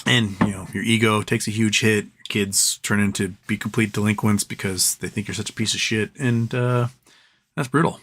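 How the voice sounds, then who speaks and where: A man's voice: lowish voice, fairly even intonation, normal speed, fairly bright tone, slight background noise. A man hosting a late-night livestream, chatting casually in a rambling, profane way and chuckling at his own jokes. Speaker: livestream host.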